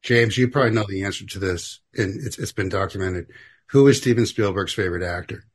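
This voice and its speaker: A man co-hosting a casual film commentary podcast, joking crudely in an animated way. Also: fairly low pitch, fairly quick, slightly rough. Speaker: podcast co-host.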